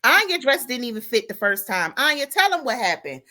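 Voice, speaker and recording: A woman hosting a casual chat show, telling her story in an animated way and calling out to her listeners. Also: fairly high pitch, brisk. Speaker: podcast host.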